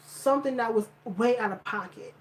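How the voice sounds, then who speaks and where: A woman's voice: on the high side, moderate pace, rough recording. A woman vlogger ranting in blunt, profane commentary, repeating her points for emphasis. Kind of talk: heated commentary rant.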